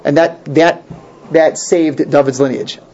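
A man's voice: on the high side, fairly even intonation, a little slow, a little mellow. Man teaching an informal Talmud class. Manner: thinking aloud, restarts and rhetorical questions. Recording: dull lo-fi class recording with faint noise.

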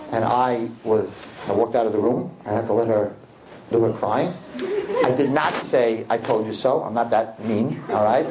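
A man, a rabbi telling a story to a live audience in an animated sermon, acting out the people in it. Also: roomy sound, rough recording. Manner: animated storyteller acting out quotes, swinging loud and high. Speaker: rabbi giving a talk to young people.

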